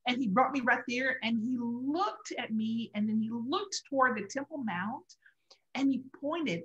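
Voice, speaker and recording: A middle-aged woman co-hosts a faith talk show and tells a personal story earnestly and emotionally, sometimes laughing through tears. Her voice is fairly high, animated and a bit bright, at a measured pace. The sound is lo-fi.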